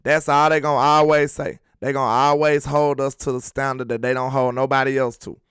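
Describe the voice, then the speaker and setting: A man's voice: medium pitch, little pitch movement, fairly quick, a bit bright, smooth, no echo, studio quality. A man hosting a casual sports talk livestream, reading viewer comments and riffing on them in emphatic slang. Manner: slangy and emphatic, worked up about his team. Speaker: sports talk show host.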